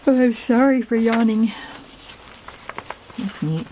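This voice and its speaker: A woman casually narrating a show-and-tell of a handmade journal, soft, chatty and admiring as she thinks aloud. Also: low-pitched, measured pace, slight background noise, poor audio. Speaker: craft vlogger showing a gifted journal.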